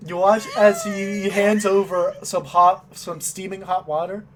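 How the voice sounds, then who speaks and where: Slow-paced woman game master, mid-pitched, faint noise behind. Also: flat delivery, far from the mic. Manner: unhurried, narrating. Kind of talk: narrating a tabletop game.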